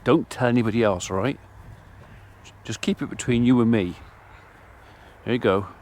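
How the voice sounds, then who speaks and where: A middle-aged man, talking casually to camera while he does his farm chores outdoors. He rambles in a relaxed, chatty way and breaks off now and then to talk to his animals. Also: mid-range voice, normal speed. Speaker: farmer vlogger. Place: farmyard outdoors.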